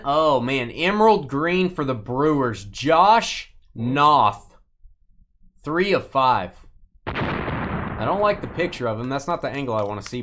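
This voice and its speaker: Animated man hosting a card break. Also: mid-range voice. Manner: joking, teasing viewers by name. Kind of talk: live sports card break commentary.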